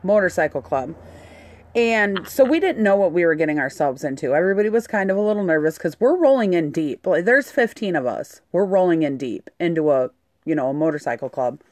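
A woman telling a story in casual chat, animated and swearing freely. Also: fairly low pitch, brisk, no room sound. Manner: animated, swears a lot, acts out quotes.

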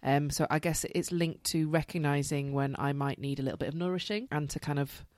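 A woman co-hosting a casual podcast, who thinks aloud and fills her pauses with hesitations. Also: sits low, fairly even intonation, darkish tone, dry recording. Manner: thoughtful and hesitant, full of fillers. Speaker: podcast co-host, social worker. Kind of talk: casual chat among friends.

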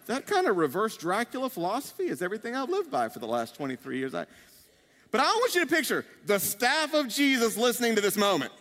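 High-voiced male preacher in a reverberant hall. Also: very animated, fairly quick, fairly bright tone. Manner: humorous, conversational preaching with playful acted asides. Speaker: pastor. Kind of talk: sermon. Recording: long reverb of a large hall.

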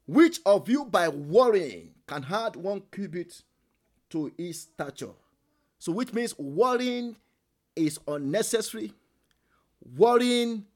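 A man leading a prayer meeting sermon, emphatic and repetitive, swinging between soft and loud, at times speaking in tongues. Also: sits high. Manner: speaks in tongues while praying. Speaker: prayer leader.

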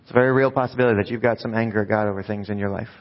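Racing along in a lowish voice with fairly even intonation, a man pastors his congregation through a conversational sermon in a church sanctuary, frequently asking rhetorical questions. The recording is dull and carries a long hall reverb.

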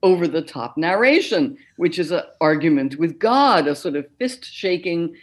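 Articulate older woman, clear and deliberate. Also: on the low side, animated. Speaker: concert narrator, guest. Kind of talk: interview conversation.

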